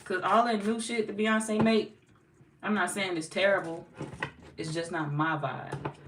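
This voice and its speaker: A woman's voice: mid-range voice, fairly even intonation, unhurried. A woman from St. Louis with a local accent, a tarot reader chatting casually and bluntly with her live chat, cursing and laughing often. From St. Louis, US Midwest. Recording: echoey room, distant mic, faint noise.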